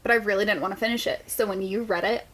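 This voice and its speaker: A woman co-hosting a book podcast in casual chat, animated and profane, laughing often. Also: mid-range voice, quick pace. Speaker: podcast co-host.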